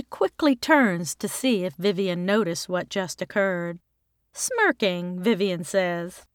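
A woman's voice: lowish voice, expressive, takes it slowly, clean tone, no echo, clean studio sound. Woman narrating a family fantasy story. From Texas, United States. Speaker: author and narrator.

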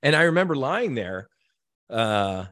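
A man's voice: mid-range voice, big pitch swings, a little slow, fairly bright tone, dry recording, studio quality. A man guest on a podcast, telling a personal story in an earnest, heartfelt way, with many restarts and repeated words.

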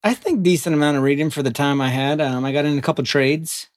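A man's voice: a little high, fast talker, no room sound, clean studio sound. A man in his thirties co-hosting a podcast, chatting casually with lots of ums and likes. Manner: rambling, lots of fillers. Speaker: podcast co-host. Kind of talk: casual chat.

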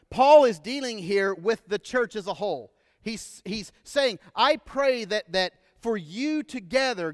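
A man's voice: high voice, no echo, studio quality, long reverb tail. A man with a Texan accent preaching a sermon as pastor, conversational with casual asides and repeated phrases, in a church sanctuary. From Texas.

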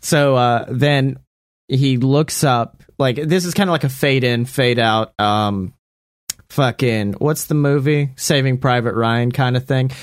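A man casually making up a story out loud, rambling, laughing and swearing often. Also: mid-range voice, unhurried, no room sound, clean studio sound. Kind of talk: casual improvised story brainstorming.

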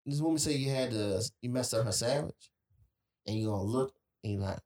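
Podcast host, male, mid pitch, storytelling chat, roomy echo. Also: fairly quick, darkish tone. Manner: storytelling, sets up scenarios with role-play. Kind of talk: casual chat.

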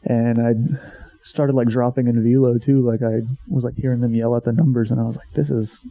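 A man in his twenties, a former college pitcher, casually telling a story, swearing freely and acting out what he once said. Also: level tone, fairly quick, vocal fry, dark tone. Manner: swears freely, acts out his own past remarks. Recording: dull lo-fi sound.

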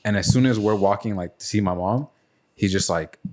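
A man's voice: lowish voice, a little fast, slight background noise. A man hosting a casual podcast chat with friends, telling stories and acting out the people in them. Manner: animated storyteller, acts out voices in anecdotes. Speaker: podcast host.

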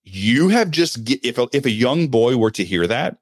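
A man talking as a guest on a podcast, in a middle-pitched voice. He is open and earnest, and pokes fun at himself now and then. The sound is dry and close. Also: lively intonation, normal speed, dry recording. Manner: candid, earnest, self-deprecating humor. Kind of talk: casual interview chat.

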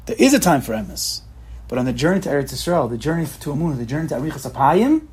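A man's voice: a little high, sing-song, quick pace, a little mellow, husky. Emphatic man giving a Torah lecture. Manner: emphatic, repetitive, mixes Hebrew and Yiddish terms. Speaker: Torah teacher.

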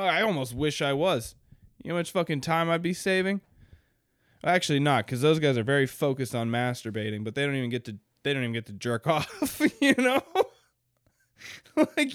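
Crude, rambling young podcast host. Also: male voice, on the high side, no room sound, studio quality. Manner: rambling, crude, laughs often. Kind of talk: casual solo podcast chat.

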